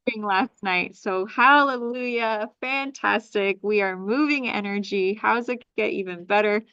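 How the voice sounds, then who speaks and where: A woman hosting an astrology workshop over a video call, giving a reading and running an energy clearing in rhythmic, chant-like lists. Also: medium pitch, a little slow, pushed and bright, no echo, lo-fi sound.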